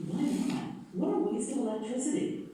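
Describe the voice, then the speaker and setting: A woman's voice: a little high, moderate pace, dark tone, slight background noise, lightly acted. A woman playing a defensive young roommate. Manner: defensive, surprised replies. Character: young woman named Sasha, easygoing roommate. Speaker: actor in a textbook listening dialogue. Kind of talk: scripted listening-exercise dialogue. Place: classroom, played over speakers. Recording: very echoey room, played from far off.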